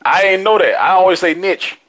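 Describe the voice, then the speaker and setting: Excitable, profane man on a podcast. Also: a little high, poor audio. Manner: excitable, profane, quick to laugh. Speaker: podcast co-host. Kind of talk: casual podcast chat.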